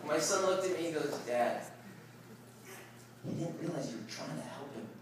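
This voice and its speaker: A middle-aged male preacher with a fairly high voice tells his story in a big, booming, echoey hall. He is heard from a distance, and a crowd murmurs around him. He speaks with animated, laughing excitement and shouts at the peaks. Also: normal speed, background noise. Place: large hall at a retreat worship service.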